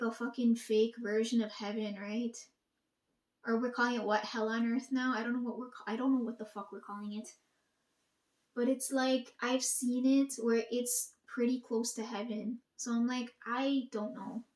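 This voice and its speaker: A woman's voice: a little high, darkish tone, echoey room. A young woman rambling to her audience in a casual monologue, swearing often and talking emphatically.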